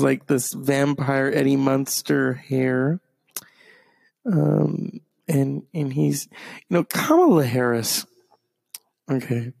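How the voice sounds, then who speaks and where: A man's voice: mid-range voice, creaky, a little mellow, no room sound. A man doing a profane, rambling comedic rant that is full of fillers and restarts. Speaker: comedic commentator.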